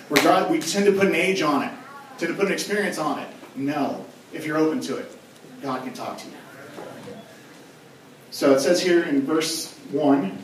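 A man's voice: a little high, moderate pace, long pauses, a little hiss or hum. A young man, a youth pastor, giving a casual, joking sermon in a large church hall. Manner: casual, joking, conversational preaching. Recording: echoey hall from far off.

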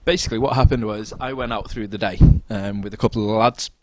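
A man's voice: lowish voice, fast talker, a little hiss or hum. A man co-hosting a podcast, telling a drunken night-out story in casual chat, laughing and mimicking other people's voices. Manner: animated, laughs through anecdotes, mimics voices. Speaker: podcast co-host.

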